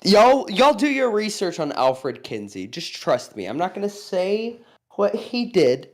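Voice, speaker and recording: Male co-host, high and swooping voice, pushy animated talk. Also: measured pace. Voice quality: animated, argumentative. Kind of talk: casual stream banter.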